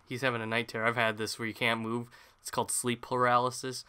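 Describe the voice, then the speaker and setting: A man's voice: medium pitch, monotone, quick pace, sharp tone, clear, resonant tone. A man giving casual, rambling let's play commentary, chatty and self-deprecating as he plays. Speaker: gaming channel host.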